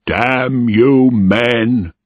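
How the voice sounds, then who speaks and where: A man voicing an angry, domineering ship captain who barks his orders in a stern, drawn-out way. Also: mid-range voice, huge pitch swings, no room sound, pitched above the performer's own voice, full character voice. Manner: shouting, stern, drawn-out delivery. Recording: dry tinny lo-fi recording.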